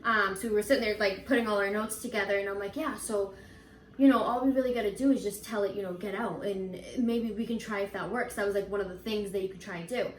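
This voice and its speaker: Animated woman telling a ghost story. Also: fast, reverberant, a little hiss or hum. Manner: animated, acts out scared quotes in a higher voice. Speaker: channel co-host. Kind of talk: casual storytelling chat. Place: home, indoors.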